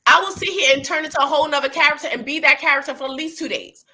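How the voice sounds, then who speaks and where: A woman co-hosting a casual chat show, blunt, profane and animated. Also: sits high, rapid-fire. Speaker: podcast co-host.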